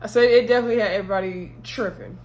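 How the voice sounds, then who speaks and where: A woman's voice: mid-range voice, rapid-fire, darkish tone. A woman casually recapping a TV episode in chatty storytelling style, acting out what the characters said and laughing along. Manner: laughs often while telling. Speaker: TV episode reviewer.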